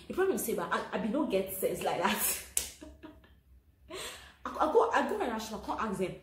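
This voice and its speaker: A young Nigerian woman telling a comic market story in pidgin, animated and acting out the voices of the people in it. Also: medium pitch, brisk. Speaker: comedy vlogger. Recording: echoey room with faint noise.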